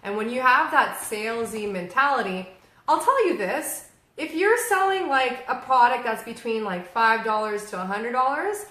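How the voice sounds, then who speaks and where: A woman with a bright, forceful voice that sits a little high, talking business in a lively, casual way and slipping into quick impressions of other people. She is recorded in a noticeably echoey room. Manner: animated, acts out quoted people. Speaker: co-host, online marketer.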